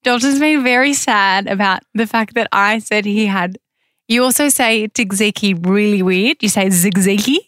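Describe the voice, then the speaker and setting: A woman's voice: medium pitch, moderate pace, a bit bright, smooth, no room sound, studio quality. A woman hosting a podcast in casual chat, laughing often. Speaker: podcast host.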